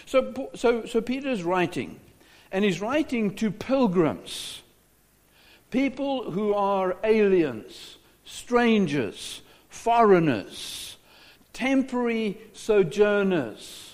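A man's voice: high-pitched, big pitch swings, slow pace, a little mellow, big-room sound. A South African man preaching a sermon as a pastor, asking rhetorical questions and often repeating his words.

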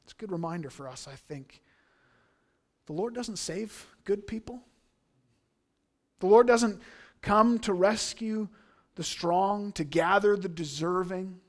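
Pastor, male, higher-pitched voice; earnest, emphatic sermon delivery, dropping to hushed asides and then rising. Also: measured pace, long pauses. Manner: earnest, emphatic preaching with swings from hushed to loud.

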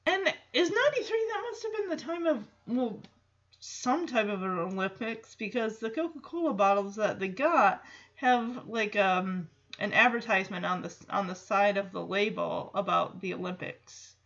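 A woman's voice: medium pitch, expressive, normal speed, a bit bright. A woman chatting casually through a film reaction, with many fillers and asides, in a lo-fi recording.

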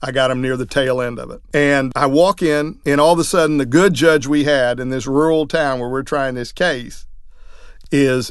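A man, a trial lawyer, telling courtroom stories in a lively way, acting out what others said. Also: medium pitch, smooth, dry recording, studio quality. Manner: lively, acts out quoted voices. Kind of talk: anecdotal storytelling talk.

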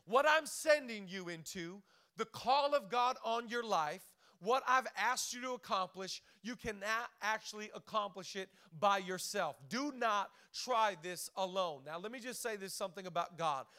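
A young man preaching an energetic, joking sermon to a church crowd, talking fast with lots of "like" and restarts. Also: high-pitched, clean tone. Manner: hyped, quick, lots of "like" and restarts. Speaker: guest preacher.

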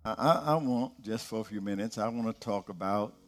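A middle-aged man preaching a sermon, slow, dropping soft and low and then rising to emphatic peaks. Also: soft background music.

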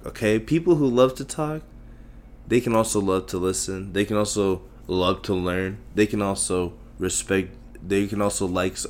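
A man's voice: deep voice, a little mellow, a little hiss or hum. A man from Tamil Nadu, India, hosting a solo podcast, ranting bluntly with lots of swearing and self-mockery. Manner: self-mocking, emphatic repetition. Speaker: podcast host.

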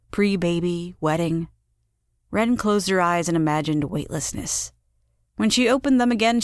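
A woman narrating a short story in a measured storytelling manner. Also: lowish voice, no room sound, clean studio sound. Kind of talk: scripted audiobook narration.

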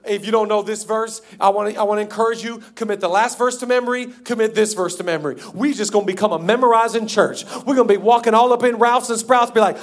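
A man preaching a sermon as pastor, moving from loud, drawn-out declarations to quiet, hushed passages. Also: high-pitched. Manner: acts out quoted people in a raised voice.

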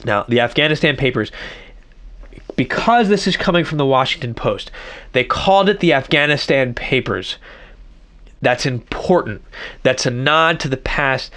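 A man's voice: medium pitch, lively intonation, normal speed, sharp tone. A middle-aged man hosting a solo podcast, rambling and self-reflective, with many restarts. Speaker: podcast host. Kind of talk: casual solo podcast monologue.

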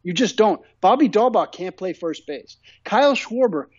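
Man, high-pitched, ranting podcast co-host, dry dull recording. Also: lively intonation, moderate pace, breathy edge, no room sound. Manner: ranting, repetitive, emphatic. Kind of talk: casual sports chat.

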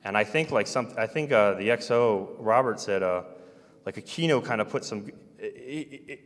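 Man, lowish voice, halting rambling storyteller, reverberant space. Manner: halting, full of restarts and trailing-off phrases.

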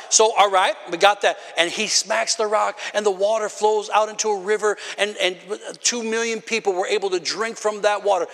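A man delivers a fiery sermon in a strikingly high, bright voice, shouting out his points and calling for answers from the pews. His words echo with a long tail through a large church hall. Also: normal speed, creaky. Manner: emphatic, often shouting, calls on the congregation. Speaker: preacher.

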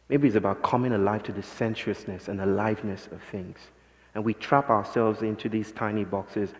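An invited speaker with a lowish, darkish voice gives a reflective, poetic talk to an audience in a lecture hall. He muses at first, then builds to passionate emphasis as he presses his points, and the hall sounds reverberant.

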